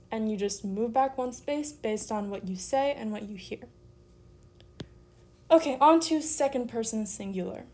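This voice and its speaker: A young woman teaching a recorded beginner Greek lesson, casually explaining each step and sounding out words slowly. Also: on the high side, darkish tone.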